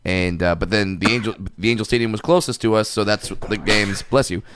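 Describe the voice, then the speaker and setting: A man's voice: on the low side, fairly quick, a bit bright, smooth, no room sound. A man in his thirties from Southern California, co-hosting a comedy podcast in easygoing banter and laughing along often. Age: 30s.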